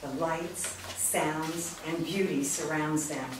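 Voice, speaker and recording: A woman with a low voice reads the stage directions of a screenplay in a steady, even way. The room is very echoey, the mic is far away, and there is faint background noise. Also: slow. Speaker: narrator. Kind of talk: screenplay read-through.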